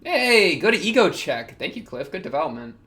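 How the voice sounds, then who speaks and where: Excitable young man reacting to anime. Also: high-pitched, moderate pace. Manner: excitable, laughs often, talks to the characters on screen. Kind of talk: casual reaction commentary.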